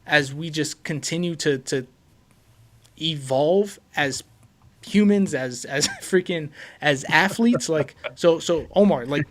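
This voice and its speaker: Man, from Puerto Rico, sports podcast host, casual chat, excitable, repeats words, fairly high voice. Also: slow pace.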